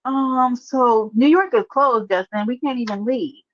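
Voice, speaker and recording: A woman's voice: fairly high pitch, unhurried, hardly any pauses, no room sound, dull audio. A woman hosting a casual livestream, chatting and teasing as she answers viewers by name. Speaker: livestream host. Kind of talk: casual live-stream chat.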